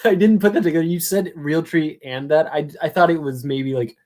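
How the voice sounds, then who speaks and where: Woman with a really low voice, blunt and sweary, trips over her words. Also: a little mellow. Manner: blunt, swears, quick stammering restarts. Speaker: livestream co-host. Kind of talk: casual chat.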